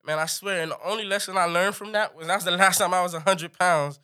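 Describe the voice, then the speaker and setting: A man telling a comic story in an animated way, jumping high in pitch for punchlines. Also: fast.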